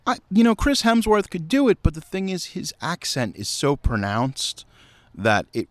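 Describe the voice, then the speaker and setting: A man hosting a podcast outdoors in casual chat, animated and riffing, with frequent swearing. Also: on the high side, normal speed, no echo. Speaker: podcast host.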